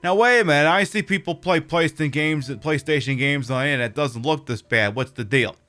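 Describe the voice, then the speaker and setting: A man's voice: fairly high pitch, a little fast, bright, forceful tone. Chatty, profane drag queen streamer. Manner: chatty and profane, many fillers. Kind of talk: casual livestream chat.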